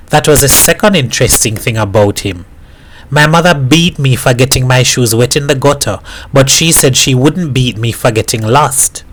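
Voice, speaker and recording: A man from Jamaica reading a novel aloud in a steady storytelling voice. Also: medium pitch, normal speed, poor audio. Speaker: reader.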